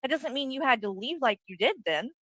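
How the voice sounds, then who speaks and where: A woman with a bright, sharp voice lays out her grievances in a long heated argument. She swears freely and keeps circling back to her point. The sound is dry and close. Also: high voice, lively intonation, brisk, dry recording, rough recording. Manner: blunt, swearing, rambling accusations. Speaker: guest confronting the host.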